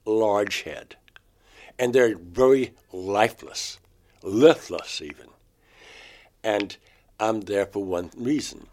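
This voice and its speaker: Halting low-voiced man recalling an experience. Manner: halting, restarts words, rises sharply when quoting himself. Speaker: interviewee, painter. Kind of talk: recounting a personal experience.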